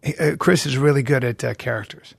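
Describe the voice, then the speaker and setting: A man's voice: medium pitch, fairly quick, gravelly, slightly rough, dry recording, studio quality. A man co-hosting a podcast, chatting casually and telling stories with acted-out quotes. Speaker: podcast co-host. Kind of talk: casual chat.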